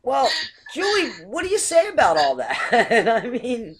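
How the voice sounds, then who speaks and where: A woman's voice: fairly high pitch, wildly swooping pitch, a little slow, background noise. A woman from Canada hosting a casual group video chat, chatty and giggly, often restarting her words. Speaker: host.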